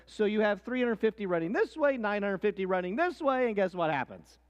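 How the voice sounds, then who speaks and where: A man teaching a history lesson as a lively story, swinging between hushed and excited delivery. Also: sits high, a little fast. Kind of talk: animated history lesson with acted quotes. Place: church hall. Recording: long hall reverb.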